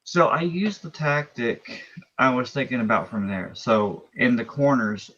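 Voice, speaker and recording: A man's voice: medium pitch, fairly bright tone, highs cut off. A man talking as a race driver in a post-race interview, explaining his moves at length with restarts and asides.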